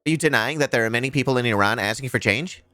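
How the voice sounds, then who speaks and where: A man's voice: medium pitch, sharp tone, no room sound, clean studio sound, natural voice. A man putting on a smug, badgering newsman who fires off question after question at a breathless clip. The jeering voice is exasperated, with faint music underneath. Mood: mocking. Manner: rapid-fire, exasperated, jeering. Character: smug male TV interviewer, mocked and badgering. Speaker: streamer.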